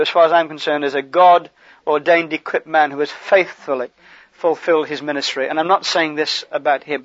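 A man preaching a sermon in a conversational, animated way, with asides to the congregation. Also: a little high, dry recording, dull audio.

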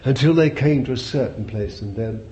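Mellow-voiced male preacher, talky and repetitive. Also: mid-range voice, normal speed. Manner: conversational, repeats phrases, asks the listeners questions. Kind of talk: sermon. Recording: dull lo-fi recording with faint hiss.

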